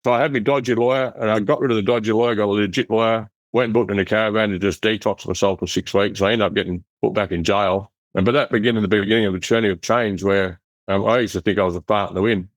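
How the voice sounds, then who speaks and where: A middle-aged Australian man telling his life story in an interview, in a rough, blunt, animated way, acting out the voices of people he quotes. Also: on the low side, quick pace, dry recording. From Western Australia. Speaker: interview guest. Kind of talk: casual storytelling.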